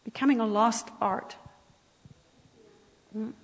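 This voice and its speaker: A woman preaches at an unhurried pace, her voice croaky and gravelly with fry. She talks with the congregation in a conversational way, tossing them asides as she goes. The long reverb of a church hall rings around her words. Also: on the high side, fairly even intonation. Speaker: speaker at a church service. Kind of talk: sermon.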